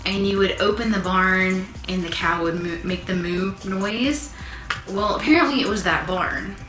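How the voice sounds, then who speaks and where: A woman vlogger telling a personal story in a casual, animated, chatty way, asking her viewers questions. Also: medium pitch, normal speed, faint music behind. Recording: echoey room.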